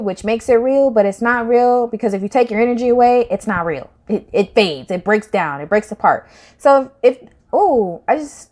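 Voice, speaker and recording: Slangy woman giving a tarot reading. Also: medium pitch. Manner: slangy, rambling, swings loud and soft. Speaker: tarot reader. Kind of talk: casual spiritual reading to camera.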